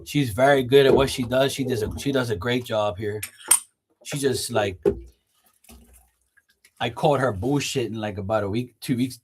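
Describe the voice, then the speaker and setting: A man's voice: fairly low pitch, a little hiss or hum. A man telling stories in a loose, slangy, rambling way while washing dishes at home. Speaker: vlogger.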